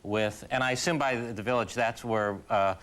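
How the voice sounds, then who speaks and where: A man chatting as a talk show guest, telling comic stories in a halting, self-deprecating way, full of restarts. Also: on the low side, fairly even intonation, fairly bright tone. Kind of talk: comic storytelling chat. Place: television studio with live audience.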